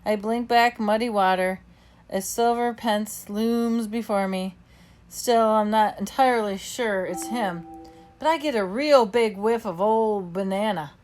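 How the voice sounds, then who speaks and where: A woman reading a children's novel aloud in the first person, with expressive storybook narration. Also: medium pitch, measured pace, faint music behind. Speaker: audiobook narrator.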